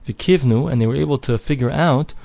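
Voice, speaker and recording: A man's voice: mid-range voice, brisk, creaky, warm tone, no echo. A man giving a Talmud lesson, reading each phrase of the text aloud and then translating and explaining it in plain English. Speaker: Talmud teacher. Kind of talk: daily page Talmud lesson.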